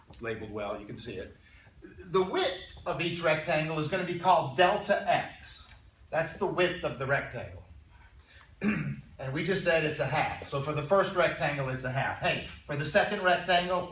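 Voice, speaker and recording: A male math teacher lecturing a classroom in a conversational way, often clearing his throat and checking in with his students. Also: a little high, expressive, normal speed, fairly bright tone, a little hiss or hum. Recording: roomy classroom sound from a distance.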